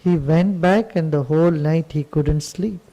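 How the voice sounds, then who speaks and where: A man teaching on spiritual matters, telling a story with gentle patience. His voice sits high for a man and has a mellow, warm tone. He speaks slowly and lets each phrase settle. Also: low-quality recording.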